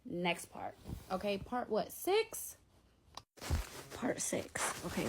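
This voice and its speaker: A woman hosting a storytime vlog at home, telling her story in an animated, profane, slangy way straight to her viewers. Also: medium pitch, slow, long pauses, noisy background. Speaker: vlog host.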